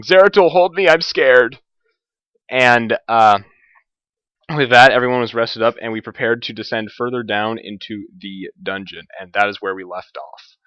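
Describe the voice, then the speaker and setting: A man's voice: lowish voice, dry recording. Rambling man on a lo-fi mic. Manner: rambling, full of filler words and restarts. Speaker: tabletop game player recapping a session. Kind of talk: casual spoken recap. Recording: dull lo-fi home recording.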